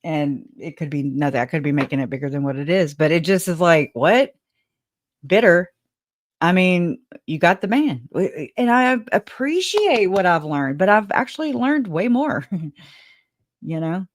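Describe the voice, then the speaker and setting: Reading viewer comments on her laid-back livestream, this host speaks in a low register over clean, echo-free studio audio. Her talk wanders, breaks into frequent laughter and casual swearing, and carries an emotional, thankful tone.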